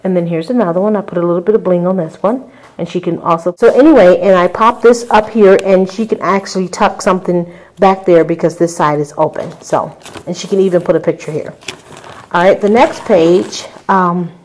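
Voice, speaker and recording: A woman with a fairly low voice talks through her handmade album in a relaxed show-and-tell. She is chatty, fills pauses with ums, and turns aside to speak to her viewers. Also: rough recording. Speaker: crafter showing a handmade album. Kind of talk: casual show-and-tell tutorial.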